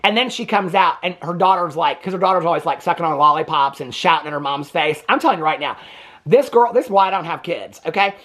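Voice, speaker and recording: A man's voice: fairly high pitch, animated, fast talker, a bit bright. A man giving a casual, gossipy recap of a movie as a reviewer, chatting with asides and laughs.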